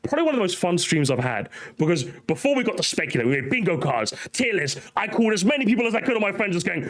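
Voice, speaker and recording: A man's voice: high voice, sing-song, quick pace, hardly any pauses, fairly bright tone. A man streaming live, ranting animatedly and talking straight to his chat.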